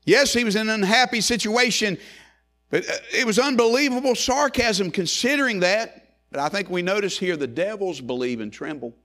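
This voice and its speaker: Expressive and at a normal speed, a preacher alternates loud rising calls with soft low phrases, repeating lines in a cadence that keeps building.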